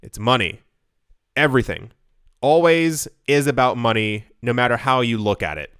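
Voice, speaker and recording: A man's voice: mid-range voice, expressive, normal speed, fairly bright tone, clear, resonant tone, no echo, clean studio sound. A man hosting an investing channel, reading news and riffing on it in a rambling, joking way, often stumbling and repeating words. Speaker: crypto investing YouTuber. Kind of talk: casual monologue reading and commenting on news.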